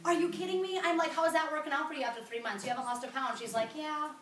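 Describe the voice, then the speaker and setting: A woman giving an energetic, blunt wellness talk to a group in a meeting room. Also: high-pitched, very fast, slight background noise. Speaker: wellness coach presenter. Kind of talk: sales presentation to a group. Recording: roomy, from far off.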